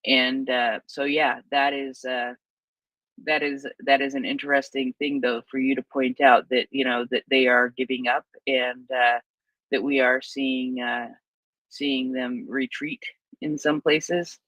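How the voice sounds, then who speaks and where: Co-host, mid-pitched, conversational retelling with fillers, dry close recording. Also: level tone, unhurried, fairly bright tone, no echo, rough recording. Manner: conversational, retelling what others said, many fillers. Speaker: co-host of live audio chat. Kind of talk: casual live audio chat.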